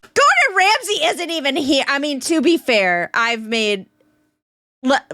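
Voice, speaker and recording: A young woman streamer giving casual reaction commentary to a reality show, chatty, full of fillers and quick asides. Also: sits high, very animated, over music. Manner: chatty, lots of fillers, laughs at the clip.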